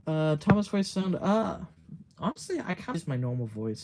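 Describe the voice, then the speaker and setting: A man's voice: on the high side, very animated, normal speed, heavy background noise. Giggly, rambling man streaming. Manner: rambling, giggly, swears casually. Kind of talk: casual livestream chat.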